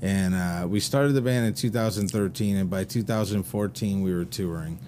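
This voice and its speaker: Minnesotan man, deep voice, podcast guest, easygoing storyteller, faint hiss. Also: normal speed, dark tone. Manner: rambling storyteller, many fillers. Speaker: band leader and guest. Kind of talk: casual podcast chat.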